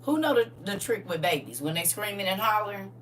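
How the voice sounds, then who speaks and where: A middle-aged woman hosting a casual livestream, talking in a lively, folksy way to her viewers and sometimes dropping to a soft whisper. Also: medium pitch, fairly quick. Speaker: livestream host. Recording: distant mic with faint hum.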